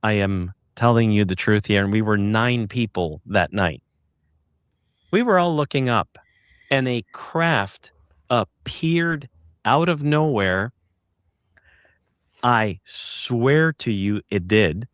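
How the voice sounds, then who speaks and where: A man recounting an experience as an interview guest, halting and searching for words with many restarts. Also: on the low side, lively intonation, clear, resonant tone, dry recording, studio quality. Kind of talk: casual storytelling in an interview.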